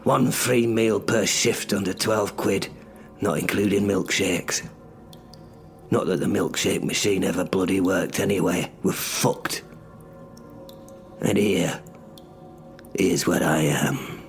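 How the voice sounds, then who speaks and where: Faint music plays behind a man who speaks low and slowly, leaving long pauses. He is the first-person narrator of an audio drama, a resentful sorcerer under a curse and trapped in menial labor, sardonic and foul-mouthed in his grumbling.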